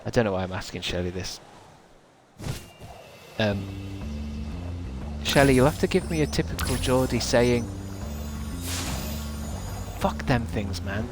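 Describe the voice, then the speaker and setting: A man's voice: mid-range voice, expressive, normal speed, pauses often. A British man streaming a video game, chatting in a rambling, jokey way and trying out silly voices. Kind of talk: casual game stream chat. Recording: game music behind.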